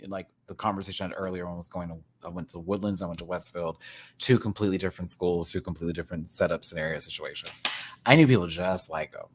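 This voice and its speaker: A man's voice: sits low, fast talker, a little hiss or hum. A man hosting a casual rant review, talking in a rambling, giggly way with lots of fillers. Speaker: show reviewer and host.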